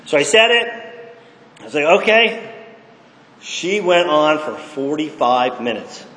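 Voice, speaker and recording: A man's voice: fairly high pitch, sing-song, measured pace, bright, forceful tone, a little hiss or hum. A middle-aged man giving blunt, profane personal testimony at a recovery meeting, often checking in with the room. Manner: emphatic, blunt and profane, keeps checking in with "okay?". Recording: echoey hall with long reverb.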